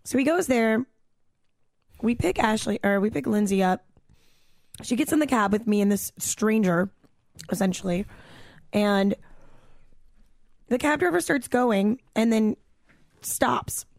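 A woman's voice: fairly high pitch, animated, measured pace, long pauses, a little mellow, dry recording. A young adult woman hosting a podcast, telling a story in a casual, chatty way with lots of "like" and quoted voices. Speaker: podcast host.

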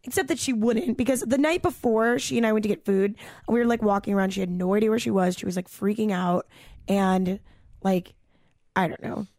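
A young woman telling a story in casual chat, animated, peppered with "like" and "dude" and swearing freely. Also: medium pitch, fairly quick, dry recording, studio quality.

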